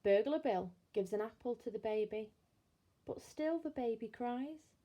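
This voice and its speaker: A woman reading a bedtime story aloud in a slow, expressive storytelling manner. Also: fairly high pitch, highs cut off.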